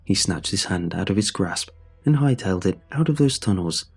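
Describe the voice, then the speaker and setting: A man narrating a true horror story in a measured, suspenseful way. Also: low voice, lively intonation, gravelly, slightly rough.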